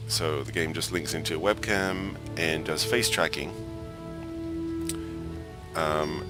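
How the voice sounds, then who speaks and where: Slow, low-voiced man vlogging. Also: steady tone. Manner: rambling, playful. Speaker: game vlogger. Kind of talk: casual gameplay commentary. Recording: game music playing behind.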